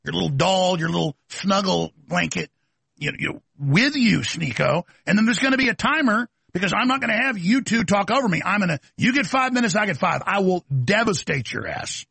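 A man's voice: high voice, animated, a little fast, vocal fry, sharp tone, slightly rough, dry recording. A man hosting a talk show, delivering an aggressive, mocking rant. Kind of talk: combative talk show monologue.

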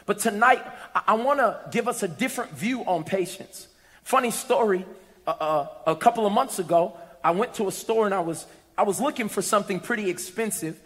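A man preaching a sermon, telling stories and rising to shouts and sing-song lines. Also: high-pitched, fairly quick, long reverb tail. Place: church.

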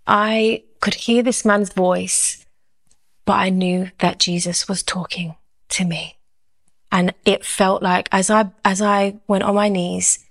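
A woman's voice: medium pitch, creaky. A woman giving a personal faith testimony. She tells it expressively and acts out her own inner thoughts as she goes.

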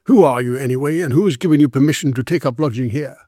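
A man reading a story, voicing a gruff but kindly constable who growls his questions. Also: medium pitch, quick pace, dark tone, no echo, studio quality, natural voice. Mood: stern. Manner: growling, stern then sympathetic.

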